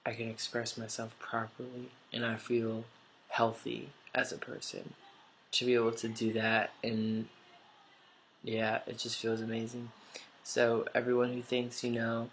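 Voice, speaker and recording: A man with a stuffy nose talks straight into his camera in a loose, rambling vlog, tossing in "like" and casual swearing. His voice sits at an ordinary pitch but barely moves up or down. A faint hiss runs under the recording. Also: completely flat delivery, measured pace. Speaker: vlogger. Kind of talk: casual confessional storytelling.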